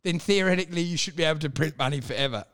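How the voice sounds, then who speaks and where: A man co-hosting a casual podcast chat, animated, swearing freely and mimicking people. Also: a little high, racing.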